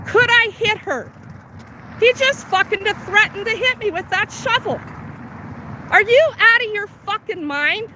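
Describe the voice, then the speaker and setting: A woman's voice: very high-pitched, unhurried, sharp tone. A woman activist filming a homeless camp sweep on a city street, angrily heckling and swearing at the workers, recorded on a handheld phone. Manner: angry, profane, heckling. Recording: street traffic noise.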